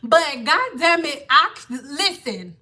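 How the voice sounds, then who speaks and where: Woman going off on a rant, high bright voice, cussing a lot. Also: very animated, slow. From Detroit. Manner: blunt, ranting, swearing freely. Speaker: hair vlogger. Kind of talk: casual rant to camera.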